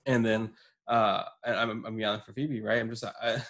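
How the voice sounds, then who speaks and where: A man co-hosting a podcast, telling a story in casual chat, swearing and breaking into laughter and yells. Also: on the low side, flat delivery, normal speed. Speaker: podcast co-host.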